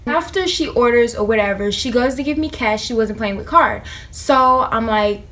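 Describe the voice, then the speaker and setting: A young woman vlogger in casual storytime chat, animated and slangy as she talks straight to her viewers. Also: fairly high pitch, moderate pace. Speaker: vlogger telling a work story.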